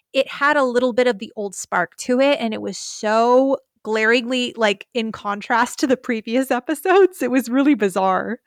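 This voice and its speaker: A woman's voice: sits high, no room sound. Chatty woman podcaster, dry close sound. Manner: animated retelling, lots of "like". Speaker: podcast co-host. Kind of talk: casual podcast chat.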